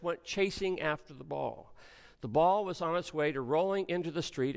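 A man preaching in a church sanctuary, his voice high and swinging widely in pitch. He moves at a measured pace, leaning on dramatic pauses. A long reverb trails each phrase through the large hall. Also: a bit bright. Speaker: pastor. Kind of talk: sermon.

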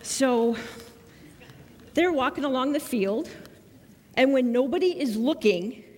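A woman giving a children's sermon in a church, speaking in a lively, coaxing way and asking the children questions. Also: high-pitched, slow, in a large hall. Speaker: children's message leader. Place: church sanctuary.

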